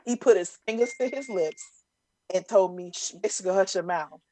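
A middle-aged woman chatting casually, telling animated stories and acting out the voices of other people. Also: mid-range voice, brisk, slight background noise. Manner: animated storytelling, acts out voices. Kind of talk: casual chat.

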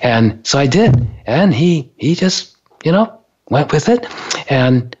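A man telling a story in a casual, animated way, acting out what people said and laughing along. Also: medium pitch, slow pace, breathy edge, muffled recording. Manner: animated, acts out quoted voices, laughs while telling.

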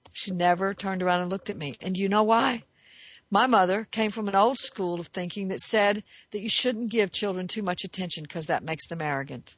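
A woman's voice: medium pitch, normal speed, fairly bright tone, dry recording. A woman giving an earnest, emphatic monologue as a self-help speaker, asking rhetorical questions and answering them. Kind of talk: reflective monologue. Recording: dry, muffled recording.

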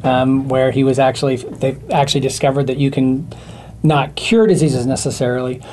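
Mellow-voiced man explaining communication tips. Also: mid-range voice, moderate pace, a little hiss or hum. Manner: explanatory, animated, with fillers. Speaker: communication expert guest. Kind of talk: casual chat.

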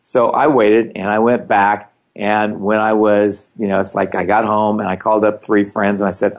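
A man's voice: on the low side, flat delivery, normal speed, hardly any pauses. A middle-aged man telling his story in casual conversation, animating the quoted dialogue.

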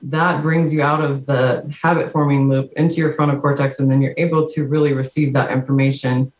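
A woman guest on a podcast calmly explaining ideas in a steady, explanatory way. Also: very deep voice, a little fast. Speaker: guest, psychiatric nurse practitioner. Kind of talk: podcast interview. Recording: roomy remote audio.

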